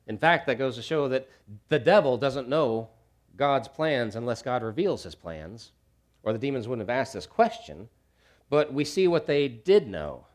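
A man preaching a sermon, swinging from hushed low lines to loud shouts, with jokey asides. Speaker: pastor.

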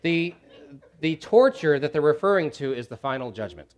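A man's voice: fairly high pitch, lively intonation, normal speed. Dynamic preaching man. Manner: dynamic, swings from hushed to loud shouts. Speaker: pastor. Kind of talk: sermon.

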